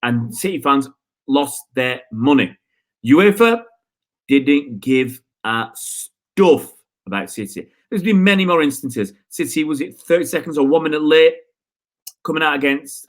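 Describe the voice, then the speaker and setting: A man's voice: fairly high pitch, fairly quick, fairly bright tone. A man hosting a live football stream, ranting in frustration and answering viewer comments with rhetorical questions. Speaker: football channel host.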